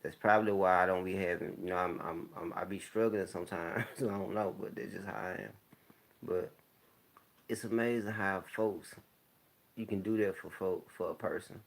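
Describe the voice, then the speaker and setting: A man with a deep, gravelly voice talks in a loose, unhurried monologue. He speaks candidly and keeps clearing his throat as he goes. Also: fairly even intonation. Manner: laid-back, rambling, candid talk with frequent throat clearing. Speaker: vlogger. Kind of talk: casual monologue to camera. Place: home, smoking while talking.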